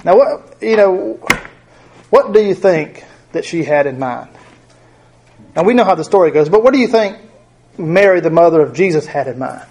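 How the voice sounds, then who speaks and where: A man's voice: a little high, darkish tone, a little hiss or hum. A middle-aged man teaching a Bible study in a conversational way, often asking his group questions.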